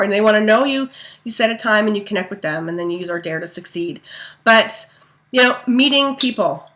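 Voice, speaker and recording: A woman's voice: a little high, fairly bright tone. A woman giving a casual, rambling training talk to her network marketing team, full of fillers and asides. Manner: chatty, rambling, many ums and likes.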